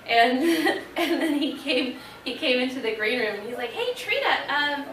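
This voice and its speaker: A woman in her thirties telling a lively story to a convention audience, laughing and acting out what people said. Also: high voice, normal speed, slight background noise. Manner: animated, laughing, acting out quotes. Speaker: convention panel guest. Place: convention panel room. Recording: echoey room, voice from far off.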